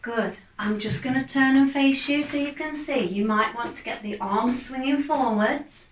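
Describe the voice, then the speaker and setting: A woman, a fitness instructor, calmly guiding a gentle exercise class with steady, encouraging cues. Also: high voice, slight background noise. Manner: calm, encouraging, unhurried cues. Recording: echoey room, mic far off.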